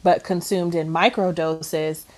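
Animated low-voiced woman. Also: unhurried. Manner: animated, emphatic agreement, lots of fillers. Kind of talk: casual discussion podcast. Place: at home, dogs nearby.

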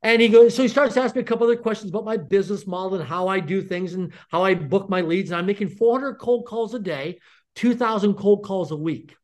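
A man's voice: high-pitched, quick pace. A middle-aged man, a podcast guest, telling a story with lots of energy and acting out the dialogue in it. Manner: animated, acts out quoted dialogue.

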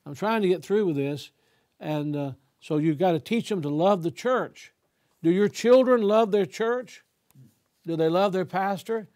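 A man's voice: high voice, unhurried, a little mellow. An older man, a pastor, preaching an emphatic sermon with a preacher's cadence, often restarting his phrases.

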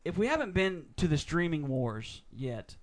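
A man's voice: fairly high pitch, normal speed. Man reading podcast news items. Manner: relaxed, reads news items from notes. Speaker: podcast host. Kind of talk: casual chat and news reading.

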